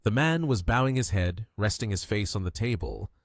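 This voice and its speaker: A man's voice: fairly low pitch, expressive, moderate pace, no echo, clean studio sound. A man narrating a story recap in a scripted, storytelling way.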